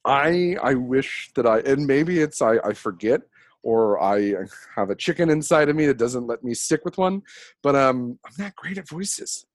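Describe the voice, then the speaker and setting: Casting: man as an easygoing podcast host, lively and laughing, dry close sound. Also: medium pitch, moderate pace, dry recording. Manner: chatty, animated, laughs often. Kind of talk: casual chat about role-playing.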